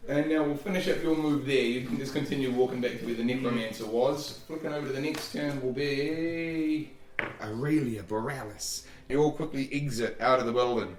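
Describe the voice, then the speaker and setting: A man running a tabletop game as dungeon master, describing scenes in a relaxed, rambling way with fillers. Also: medium pitch, brisk, a little hiss or hum. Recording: echoey room, distant mic.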